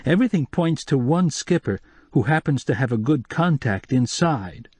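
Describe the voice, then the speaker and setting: A man's voice: mid-range voice, lively intonation, moderate pace, a little mellow, breathy edge, dry recording, voice pushed up. Man voicing a blunt local insider. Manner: blunt, confiding.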